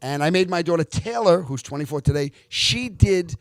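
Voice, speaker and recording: Man, 50s, actor guest, animated and earnest storyteller, slightly high voice, dry close-mic sound. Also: normal speed, dry recording. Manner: animated, lively retelling with acted-out quotes; earnest, reflective when giving life lessons. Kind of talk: casual storytelling interview.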